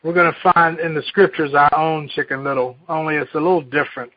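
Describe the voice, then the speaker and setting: A male pastor preaching a sermon, telling a children's story in a folksy, animated way before reading scripture. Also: a little high, fast. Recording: dull lo-fi recording.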